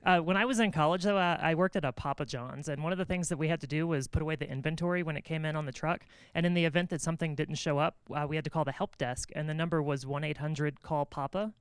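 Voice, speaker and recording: A woman's voice: sits low, steady tone, fast, few pauses, clear, resonant tone, dry recording. A woman comedian performing a stand-up set, telling stories casually with frequent filler words. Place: stage at a comedy venue.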